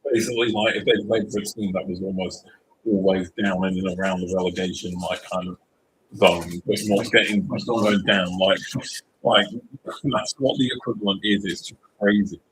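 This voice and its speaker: A young man talks through a sports livestream in a loose, rambling way, piling up likes and ums as he hunts for examples. His voice sits low. A faint hiss of noise runs under the recording. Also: steady tone, normal speed, a bit bright, poor audio. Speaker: livestream co-host. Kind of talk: casual sports chat.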